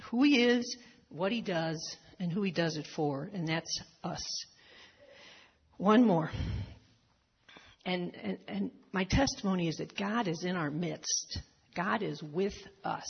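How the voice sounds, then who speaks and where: An older woman gives an earnest devotional testimony, reading scripture and taking it personally. Her voice is husky and sits on the low side, and she speaks unhurriedly. The recording is dull and carries a long hall reverb. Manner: earnest, reads verses aloud and applies them personally. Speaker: church member giving testimony.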